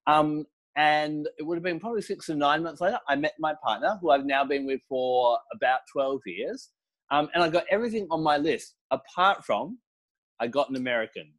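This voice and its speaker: A middle-aged man giving a casual interview, explaining crystal practices with relaxed storytelling and fillers. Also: on the high side, moderate pace. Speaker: crystal and essential oil teacher, guest.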